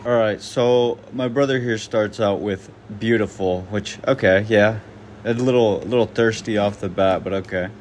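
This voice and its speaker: A man's voice: on the low side, moderate pace, a little hiss or hum. A man doing casual reaction commentary, blunt and slangy, swearing freely. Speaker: online commentator.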